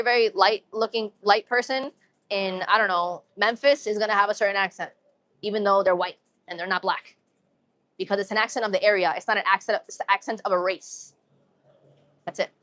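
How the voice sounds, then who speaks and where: Recorded dry, this medium-pitched woman speaks a little fast with fairly even intonation and a fairly bright tone. She's a young Massachusetts native with a New England accent who drops urban slang and repeats phrases while chatting upbeat and casually with her livestream audience.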